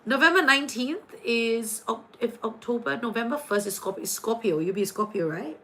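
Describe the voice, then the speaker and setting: A woman's voice: on the high side, animated, normal speed, bright, forceful tone, a little hiss or hum, low-quality recording. A woman hosting a casual astrology and tarot livestream, chatty and playful, jumping between viewer comments.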